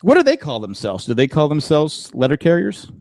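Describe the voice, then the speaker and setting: A man's voice: fairly high pitch, huge pitch swings, fairly quick, darkish tone, dry recording, clean studio sound. A man hosting a podcast in casual, joking chat, thanking listeners and steering the talk. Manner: joking, thanks patrons and wraps up the show. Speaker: podcast host.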